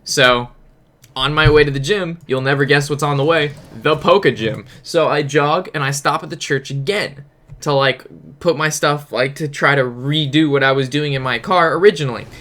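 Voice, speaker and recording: A man's voice: fairly high pitch, moderate pace, pushed and bright. A young man casually telling a rambling, profane story while commenting on a card game. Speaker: gaming streamer.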